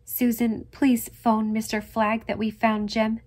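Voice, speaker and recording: A woman voicing a loving, gentle young mother in a storybook reading. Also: on the high side, flat delivery, unhurried. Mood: tender.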